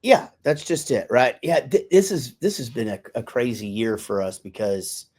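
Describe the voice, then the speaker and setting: A man's voice: mid-range voice, big pitch swings, moderate pace, darkish tone, husky. A middle-aged man co-hosting a podcast in casual chat, rambling loosely and swearing now and then. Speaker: podcast co-host.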